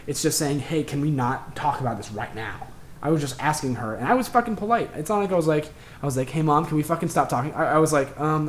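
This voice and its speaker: A man's voice: medium pitch, a little hiss or hum. A young man hosting a podcast, telling a personal story in a rambling, frustrated way with plenty of swearing. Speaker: podcast host. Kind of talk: casual personal monologue.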